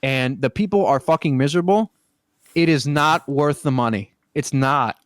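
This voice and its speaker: A man's voice: on the high side, normal speed, dry recording, studio quality. A young man hosting a podcast, talking in a rambling, casual way with lots of swearing and fillers. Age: young adult. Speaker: podcast host. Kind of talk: casual chat.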